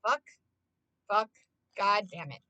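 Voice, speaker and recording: A woman's voice: mid-range voice, lively intonation, slow pace, pushed and bright, dry recording, muffled recording. A woman streamer in casual live-stream chat, talking freely to her viewers, swearing often and filling her talk with "like". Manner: chatty, swears often, heavy use of "like".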